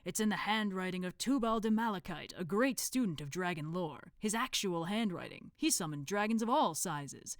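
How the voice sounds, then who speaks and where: A woman's voice: mid-range voice, lively intonation, moderate pace, few pauses, no room sound, studio quality, lightly acted. A woman reading a storybook, voicing a scheming, pompous male cult leader who speaks grandly. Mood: grandiose. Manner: grandiose, condescending.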